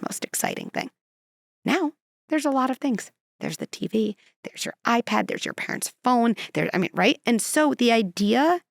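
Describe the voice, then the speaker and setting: A woman's voice: on the high side, gravelly, a bit bright, no echo, clean studio sound. A female clinical psychologist, a guest in a conversational podcast interview, talking animatedly and acting out quotes and little scenarios.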